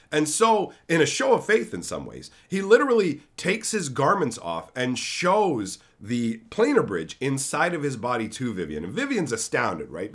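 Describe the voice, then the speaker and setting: A man's voice: medium pitch, a bit bright. A man hosting a fantasy lore channel, retelling a story conversationally with frequent tag questions.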